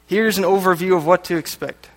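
A light-voiced man gives a sermon as a lay preacher in a church hall, brisk and high-pitched. He makes joking asides between read passages, and the echoey hall carries a long reverb.

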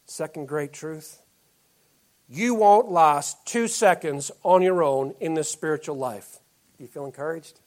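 Preacher swinging from loud to hushed. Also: male voice, a little high, a little slow. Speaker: pastor. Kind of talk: sermon.

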